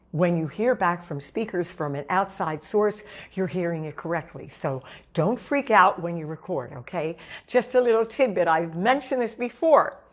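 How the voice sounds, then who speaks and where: A seasoned woman vocal coach giving emphatic, repetitive stage-performance advice straight to the viewer. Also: fairly low pitch. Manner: emphatic, repeats key points, calls the listener honey. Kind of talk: direct-to-camera vocal coaching talk.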